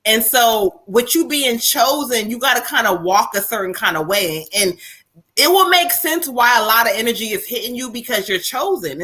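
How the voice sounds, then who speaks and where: A woman's voice: on the high side, bright, forceful tone. A woman co-hosting a live stream, giving tarot readings with spiritual guidance in a loose, laughing, exclamatory way. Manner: laughing, exclaims "child" and "ashe". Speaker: tarot reader and co-host.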